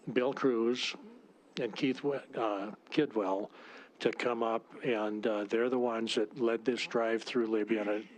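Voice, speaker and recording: Halting man senator in a hearing room. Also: medium pitch, slight background noise. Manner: halting, with frequent restarts. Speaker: state senator introducing a bill. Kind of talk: formal committee testimony.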